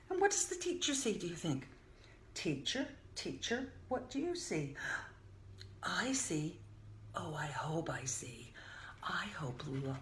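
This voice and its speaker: Slow, lively older woman reading to kids. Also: fairly low pitch, gravelly. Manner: gentle and playful, often drops to a soft whisper. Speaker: children's storyteller. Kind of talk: reading picture books aloud to children. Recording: echoey room with faint hiss.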